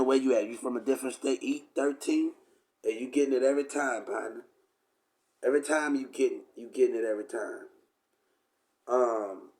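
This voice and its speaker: Male vlogger, mid-range voice, preachy rambling rant aimed at viewers. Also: mid-range voice. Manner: preachy, repetitive, addresses viewers directly. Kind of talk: rambling direct-to-camera rant.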